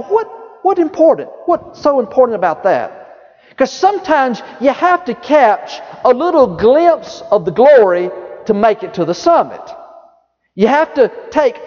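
Animated high-voiced preacher in a hall. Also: male voice. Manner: lively preaching, drops low and soft for quoted words of Jesus. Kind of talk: sermon. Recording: dull reverberant hall sound.

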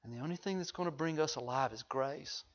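A man preaching a sermon, swinging from hushed low asides to loud, high-pitched exhortation. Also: fairly quick, muffled recording. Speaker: pastor.

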